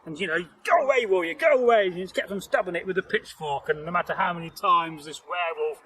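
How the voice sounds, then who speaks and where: Outdoors in nature, a man tells a folktale as the channel's storyteller and host, chatting and rambling while he laughs and jokes with a companion. His voice is a little high and sharp, steady in tone and quick in pace. The audio is poor, with slight background noise.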